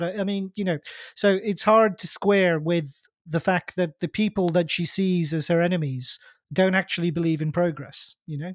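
A man's voice: sits high, fairly even intonation, moderate pace, fairly bright tone, no echo, studio quality. A man in a casual podcast discussion, blunt and argumentative as he makes his case.

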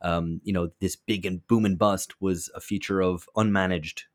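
A man with a very deep voice co-hosts a casual podcast discussion. He thinks aloud, restarting and repeating words, and speaks frankly. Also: steady tone, moderate pace. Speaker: podcast co-host.

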